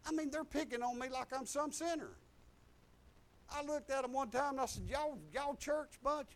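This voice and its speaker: A man, a preacher telling his own story in a folksy way that swings between loud and soft. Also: extremely high pitch, fairly quick. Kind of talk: preaching testimony.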